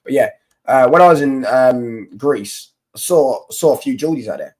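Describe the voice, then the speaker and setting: A man's voice: mid-range voice, animated, normal speed, darkish tone. A young man hosting a casual football live stream, reading chat comments and mocking rival fans in rambling, slangy banter.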